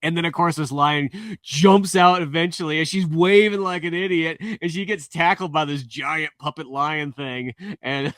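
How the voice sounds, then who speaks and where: A man's voice: a little high, steady tone, normal speed, few pauses, fairly bright tone, no room sound, studio quality. A man co-hosting a podcast, retelling movie scenes in a chatty way, often laughing and restarting his sentences. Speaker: podcast co-host. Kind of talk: casual movie review chat.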